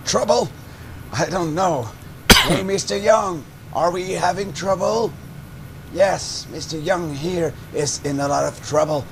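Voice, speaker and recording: A man's voice: high voice, takes it slowly, creaky, background noise, full character voice. An actor playing a condescending male scientist with a Russian-sounding accent, sneering at and scolding his assistant. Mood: mocking.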